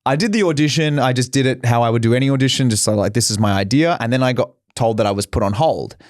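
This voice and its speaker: A man's voice: mid-range voice, quick pace, a little mellow, dry recording, studio quality. A young man, an actor, telling candid stories in a casual interview and acting out the quotes. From Australia. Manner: candid storytelling with swearing and acted-out quotes. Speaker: actor guest.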